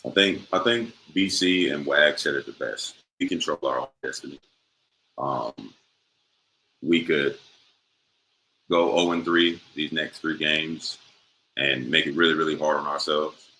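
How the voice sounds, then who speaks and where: A man's voice: rumbling low, pushed and bright, a little hiss or hum, rough recording. A young man, a professional basketball player, answering interview questions in a laid-back way with many fillers.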